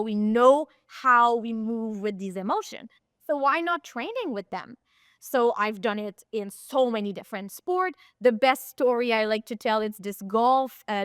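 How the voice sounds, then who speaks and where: A woman guest on a podcast interview, a performance coach telling animated stories and sometimes searching for words. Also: high voice, no echo, clean studio sound.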